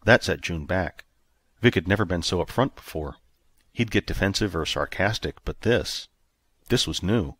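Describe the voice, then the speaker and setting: A man narrating an audiobook in a steady, even storytelling manner. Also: low-pitched, moderate pace, dry recording. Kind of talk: scripted narration.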